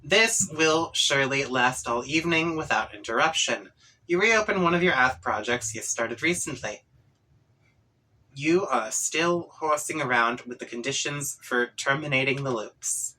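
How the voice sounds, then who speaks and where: A man's voice: medium pitch, a little slow, bright, forceful tone, poor audio. A man reading a webcomic aloud in a casual, wry way with offhand asides. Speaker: webcomic reader.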